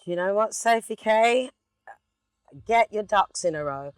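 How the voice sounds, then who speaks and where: A middle-aged woman with a London accent, chatting as an interview guest inside a car, telling lively stories and breaking into snatches of song. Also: mid-range voice, unhurried, clean tone, dry recording. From England. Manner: animated storyteller, sings snippets. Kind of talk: relaxed casual chat.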